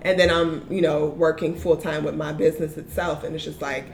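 A young woman, a small business owner, chatting casually as an interview guest, animated and laughing often. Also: sits low, a little fast, slight background noise.

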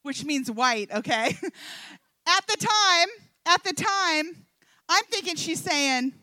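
A middle-aged woman giving a humorous testimony talk to a church audience, telling the story in a lively way and acting out the dialogue. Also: very high-pitched, takes it slowly, no echo. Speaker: speaker at a Christian event.

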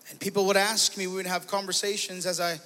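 Speaking quickly with a flat delivery and a high voice, a male pastor gives his personal testimony as a sermon in a large church sanctuary. He repeats himself often as his intensity climbs, becoming emotional and loud.

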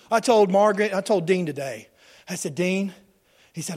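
With a high-pitched voice at normal speed, a middle-aged pastor preaches animatedly. He plays out different voices and alternates between loud and hushed delivery.

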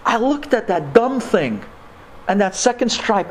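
A man's voice: sits high, very animated, a little slow, a little hiss or hum. A man telling a personal story to an audience, impassioned, with stammering restarts and religious Hebrew and Yiddish terms. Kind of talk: emotional personal storytelling talk. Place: before a live audience.

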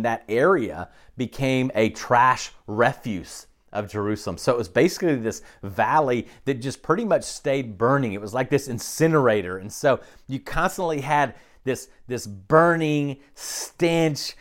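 A man's voice: medium pitch, unhurried, hardly any pauses. A man preaching a conversational sermon, often checking in with the listeners by asking "okay?". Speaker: pastor.

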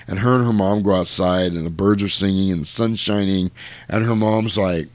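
A man's voice: sits low, moderate pace, dry recording. A man casually recapping a film plot for his co-host, acting out the lines. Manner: animated retelling, acting out lines. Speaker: podcast co-host. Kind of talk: casual movie recap chat.

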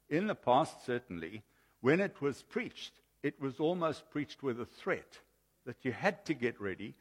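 Slow, lively-voiced preacher in a reverberant hall. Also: male voice, medium pitch, husky. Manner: measured, emphatic preaching with lively swings. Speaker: pastor. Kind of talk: sermon. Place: church. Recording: old sermon recording with long hall reverb.

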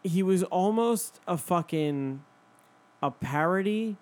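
Profane, animated male podcast storyteller. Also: high voice, slow. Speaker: podcast host. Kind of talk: casual chat.

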